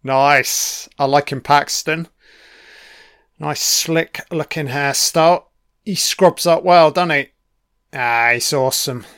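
A man talks over a film in an unhurried, loose way, peppering his remarks with swearing and chatty asides. His voice sits a bit high and comes through smooth and clear. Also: steady tone, a bit bright, no echo, clean studio sound. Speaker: film commentator. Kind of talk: casual solo film commentary.

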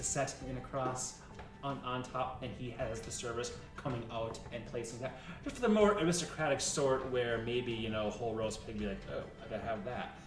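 A man narrating as game master of a tabletop game, telling the scene in an animated, storytelling way. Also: medium pitch, far from the mic. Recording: echoey room from off-mic, music behind.

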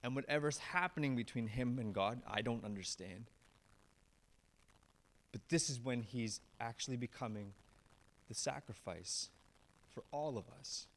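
Man preaching with rising and hushed lines. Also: measured pace, long pauses. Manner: animated storyteller, swings from raised emphatic lines to low hushed ones. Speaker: pastor. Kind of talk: sermon.

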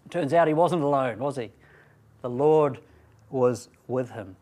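Slow, emphatic man giving a Bible talk. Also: mid-range voice, dark tone. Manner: deliberate, emphatic, asks rhetorical questions. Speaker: speaker at a student training event.

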